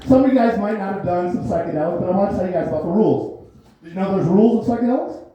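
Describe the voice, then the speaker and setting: A man's voice: high-pitched, racing, dark tone. A man doing a stand-up comedy set, telling a loose, rambling story and laughing often at his own lines. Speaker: stand-up comic. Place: small comedy theater stage. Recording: very echoey, dull theater recording.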